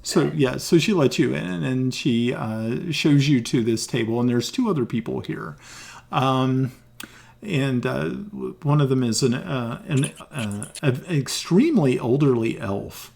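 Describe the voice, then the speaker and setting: Slow, halting man running the game. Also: mid-range voice, gravelly, darkish tone. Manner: halting, many ums and restarts. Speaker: game master. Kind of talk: narrating a tabletop game.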